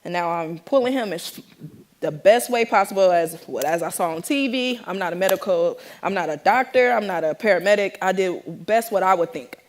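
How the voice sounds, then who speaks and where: A young woman from the Bay Area telling an audience her own story in a lively, animated way, acting out the voices of the people in it. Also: mid-range voice, normal speed. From San Francisco Bay Area. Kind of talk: personal storytelling talk to an audience.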